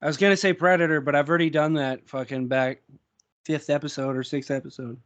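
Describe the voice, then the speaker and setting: A man's voice: a little high, steady tone, a little fast, a bit bright. A man co-hosting a casual chat show, laid-back, swearing a lot and laughing easily. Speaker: podcast co-host.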